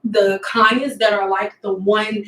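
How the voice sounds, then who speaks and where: A woman's voice: mid-range voice, level tone, takes it slowly, a bit bright, distant mic. Woman, hairstylist, blunt candid vlog chat, echoey salon room. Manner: outspoken, blunt storytelling. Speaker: hairstylist vlogger.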